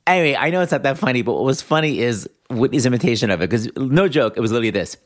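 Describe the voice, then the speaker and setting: Animated male podcast host, lively pitch swings, chatty storyteller. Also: very fast. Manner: animated, chatty, laughs often. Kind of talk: casual interview chat.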